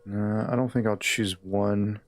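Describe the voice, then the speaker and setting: A man's voice: lowish voice, steady tone, unhurried, soft background music. A man live-streaming a game, chatting in a laid-back, easygoing way with his viewers. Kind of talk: casual live-stream chat.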